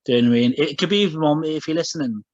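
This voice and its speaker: A man's voice: fairly high pitch, fast talker, darkish tone, no echo. A man co-hosting a podcast in casual chat, rambling with many fillers and restarts. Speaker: podcast co-host. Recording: dull lo-fi podcast audio.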